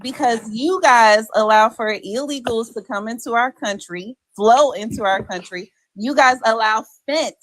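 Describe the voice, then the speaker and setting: A woman's voice: on the high side, unhurried, few pauses, no echo. Woman scolding, emphatic, dry sound. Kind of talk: heated panel talk.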